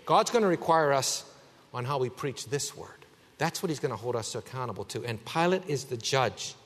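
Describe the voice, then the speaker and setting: A man preaching a sermon as pastor, emphatic, swinging between a raised voice and a hushed one. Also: mid-range voice, expressive, moderate pace, long reverb tail.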